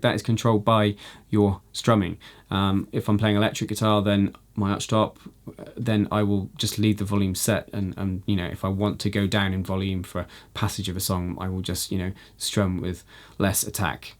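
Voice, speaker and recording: A man teaching a jazz guitar lesson, explaining in a relaxed way with frequent "you know" fillers. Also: lowish voice, fairly quick. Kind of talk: instructional video lesson.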